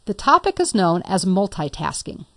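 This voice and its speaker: A woman's voice: mid-range voice, sing-song, moderate pace, no room sound, clean studio sound. A woman instructor talking through a computer tutorial step by step, patient and lightly playful. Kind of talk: screen-recorded software tutorial.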